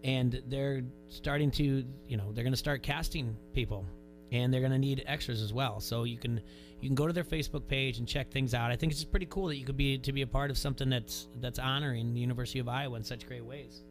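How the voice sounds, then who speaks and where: A man's voice: mid-range voice, steady tone, fast, faint music behind. A man hosting a sports radio show, chatting casually, often restarting his sentences. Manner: rambling, restarts sentences, reads posts aloud.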